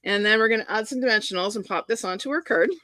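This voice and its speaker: A woman's voice: mid-range voice, fast, sharp tone, no room sound. A middle-aged woman chatting enthusiastically while showing a crafting project step by step. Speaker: papercraft demonstrator. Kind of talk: live crafting demonstration.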